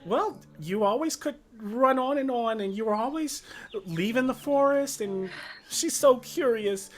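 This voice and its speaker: A man voicing an excited middle-aged mother in a tabletop game, squealing and gushing at her long-lost daughter. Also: very high voice, a little slow, voice pushed up.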